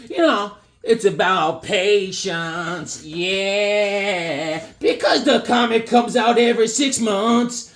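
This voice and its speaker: Animated man chatting to camera. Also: on the high side. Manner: animated, jumps into quick silly voices and shouts. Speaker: vlogger showing his drawings and comics. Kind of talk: casual chat to camera.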